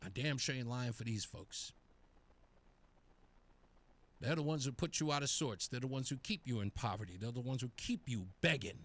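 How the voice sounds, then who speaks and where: A man's voice: medium pitch, lively intonation, normal speed, pauses often, a bit bright. A male talk radio host delivering a taunting, sarcastic monologue.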